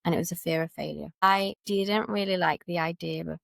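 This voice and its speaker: A woman from Manchester with a Manchester accent, a podcast guest telling her personal story in an animated way and acting out what other people said. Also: fairly low pitch, a little fast, gravelly, dry recording, clean studio sound. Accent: Manchester English. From Manchester, England. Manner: animated, acts out others' lines in quoted dialogue.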